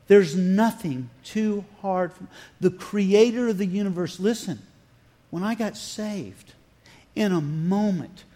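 A man's voice: sits high, slow pace, warm tone. A man preaching a sermon, retelling scripture dramatically and acting out the dialogue with rising and falling emphasis. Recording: long hall reverb.

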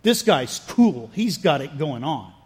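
A man's voice: fairly high pitch, very animated, a little slow, husky. A man preaching a sermon, retelling scripture dramatically and acting out the dialogue with rising and falling emphasis. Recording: long hall reverb.

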